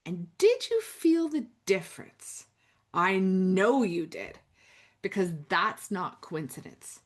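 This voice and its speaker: A woman coaching listeners through spoken affirmations, slow and intimate, with dramatic pauses and drops to a near whisper. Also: mid-range voice, big pitch swings. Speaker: self-help coach. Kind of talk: guided affirmation talk.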